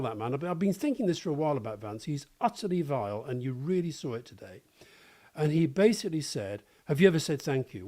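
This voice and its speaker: A man's voice: fairly high pitch, darkish tone. A British man co-hosting a political podcast, speaking in an indignant, emphatic way. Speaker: podcast co-host.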